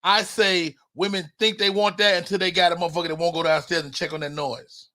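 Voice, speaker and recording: A man's voice: sits high, fairly even intonation, brisk, sharp tone. A man hosting a live talk show, arguing in emphatic, profane, casual comedic debate. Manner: emphatic, profane, stammering restarts. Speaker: podcast host.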